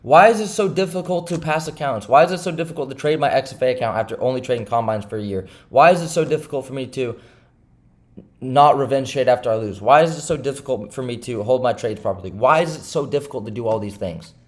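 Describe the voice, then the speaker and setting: A man's voice: mid-range voice, fast talker. A young man vlogging about day trading, rambling and frustrated, repeating questions as he vents. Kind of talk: casual confessional monologue.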